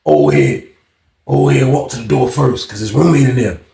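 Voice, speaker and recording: A man's voice: mid-range voice, normal speed, gravelly, a crowd in the background. A man from Virginia telling a street story in a casual, profane way, acting out the people in it. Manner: animated, profane, acts out other people. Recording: roomy echo.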